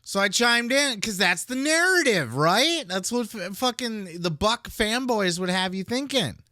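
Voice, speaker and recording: Heated profane man, bright voice. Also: sits high, lively intonation, a little slow, no room sound, studio quality. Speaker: podcast host. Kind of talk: commentary podcast rant.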